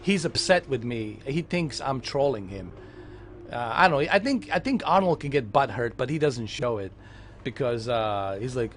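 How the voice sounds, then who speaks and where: A man's voice: mid-range voice, lively intonation, normal speed, a little hiss or hum. A man chatting casually while gaming, rambling with lots of fillers and restarts. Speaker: gaming vlogger.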